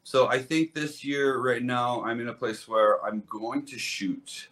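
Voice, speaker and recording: A man's voice: medium pitch, steady tone, measured pace, a bit bright. A man, a hairdresser guest on a podcast, telling stories in a casual, earnest, rambling way with lots of restarts. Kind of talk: casual conversational storytelling.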